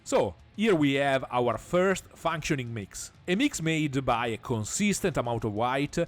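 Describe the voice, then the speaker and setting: A man giving a scripted painting tutorial, measured and explanatory, with frequent small pauses and the odd dry aside. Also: mid-range voice, expressive, soft background music.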